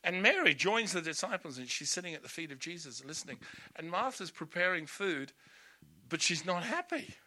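A male preacher delivers a storytelling sermon full of humorous asides. His voice sits fairly high and swings widely as he talks. The tone is very bright and forceful. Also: brisk. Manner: animated, storytelling, laughing asides.

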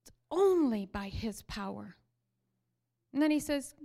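A woman preaching a sermon, telling stories with energy and then sinking to soft whispers. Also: high-pitched, a little slow, gravelly. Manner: animated storytelling that sinks to soft whispers.

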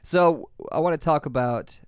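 A man's voice: a little high, normal speed, clean tone, dry recording, studio quality. A man co-hosting a podcast in casual chat, laughing often and stammering over repeated words. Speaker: podcast co-host.

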